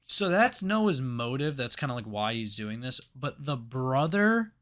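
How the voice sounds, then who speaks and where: A man's voice: mid-range voice, big pitch swings, unhurried, fairly bright tone. A man recapping a film on a laid-back podcast. He talks loosely, swears freely and fills his sentences with "like" and "you know.". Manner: casual, swears freely, lots of fillers. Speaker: podcast co-host. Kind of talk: casual movie review chat.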